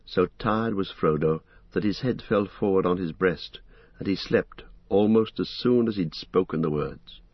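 A man narrating an audiobook in an expressive, dramatic storytelling manner, on a dull lo-fi recording. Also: low voice, breathy edge, no echo. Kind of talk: scripted narration.

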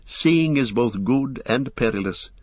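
A man voicing a wise, stately elf queen who speaks in formal, measured sentences, on a dull lo-fi recording. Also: mid-range voice, animated, husky, no echo.

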